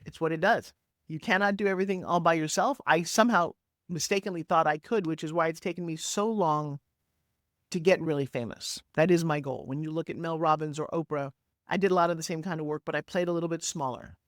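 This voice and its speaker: A woman in her sixties, a podcast guest talking over a video call, telling her story in an energetic, emphatic way with big swoops in pitch. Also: fairly quick, dry recording, studio quality. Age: 60s. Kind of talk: animated interview storytelling. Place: home office, Florida.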